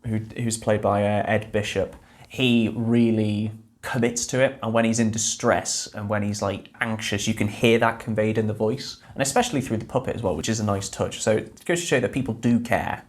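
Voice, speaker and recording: A man's voice: lowish voice, fairly even intonation, normal speed. Opinionated man co-hosting. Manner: opinionated, reads out notes. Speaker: podcast co-host. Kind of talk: casual chat.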